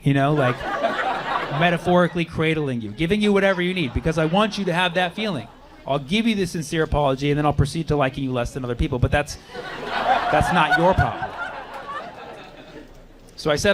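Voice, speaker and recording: A man doing a stand-up comedy set on stage, animated and sarcastic, now and then putting on voices for the people in his stories. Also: a little high, a little fast. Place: comedy club stage before a live audience. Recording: live club audio with audience laughter and noise. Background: audience laughing.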